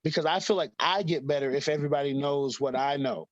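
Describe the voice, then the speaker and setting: A man in his thirties chatting as an interview guest, his voice sitting a little high. He rambles, laughs often and fills gaps with "like" and "you know". The sound is dry and a bit muffled. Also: fast, dry recording. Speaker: guest, fighter. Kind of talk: casual interview chat.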